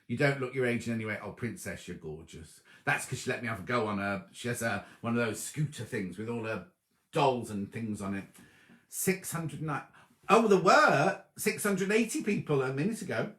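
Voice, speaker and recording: A man's voice: on the low side, normal speed. Chatty man, echoey room. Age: 50s. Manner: chatty, animated, thanks viewers by name. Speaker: host of a sewing livestream. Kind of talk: casual chat reading viewer comments. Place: home room before a dark wall.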